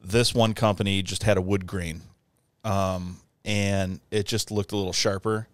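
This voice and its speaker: A man's voice: low-pitched, measured pace, no echo. Man, podcast co-host, chatty storyteller, dry close sound. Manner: animated storyteller, laughs often, does silly voices. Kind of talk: casual chat.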